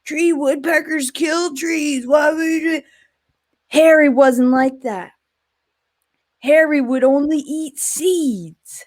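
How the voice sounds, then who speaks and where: A woman playing a slow, earnest tree. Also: high-pitched, darkish tone. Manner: slow, earnest, emotional storytelling. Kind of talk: improv comedy.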